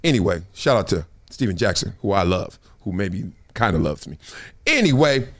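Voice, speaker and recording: A middle-aged man hosting his own show, chatting casually in slangy, animated talk with frequent laughs. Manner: animated, slangy, laughs often, quick jumps in pitch. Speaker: show host. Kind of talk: casual chat.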